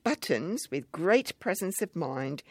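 Wry storyteller reading old memories out loud, steady and measured, dry close mic. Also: medium pitch, breathy edge, no room sound. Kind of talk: reading a memoir story aloud.

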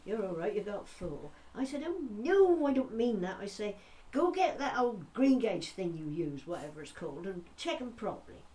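A woman's voice: medium pitch, very animated, normal speed, hardly any pauses, dark tone, recorded from a distance, lightly acted. A woman voicing a chatty old Norfolk countrywoman with a broad rustic accent, spinning jokey yarns. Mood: jolly yarning.

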